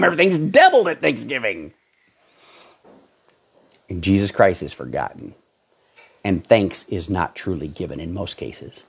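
A low-voiced man preaches with passion, his voice husky and a little rough at the edges. He swings from loud urging to quiet pleading as he exhorts his listeners. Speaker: pastor. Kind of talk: sermon.

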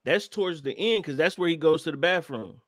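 A man co-hosting a podcast in casual chat, recapping a documentary with swearing and loud acted-out quotes. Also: on the high side, a little fast, crowd noise. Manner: animated, swears, acts out quotes loudly. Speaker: podcast co-host.

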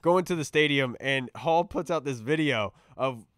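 A man hosting a casual sports podcast, talking in an excitable, rambling way as he tells stories and reads out fan questions. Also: mid-range voice, normal speed, no echo, clean studio sound.

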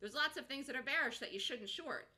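A woman's voice: high-pitched, animated, brisk, pushed and bright. A woman hosting a live stock market show, talking emphatically, repeating herself, and answering viewers' chat. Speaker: stock trading show host.

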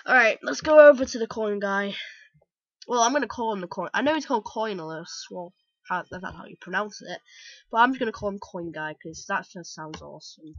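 A British woman chatting excitedly and rambling through gameplay commentary as the host of a let's play. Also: mid-range voice, brisk, dry recording, lo-fi sound. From Britain.

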